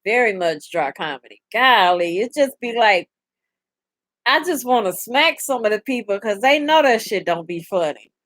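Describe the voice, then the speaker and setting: Young woman host, live casual chat, fairly high voice, dry close mic, lively and profane. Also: moderate pace, no room sound. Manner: animated, profane, laughs often, reads chat aloud. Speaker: livestream host.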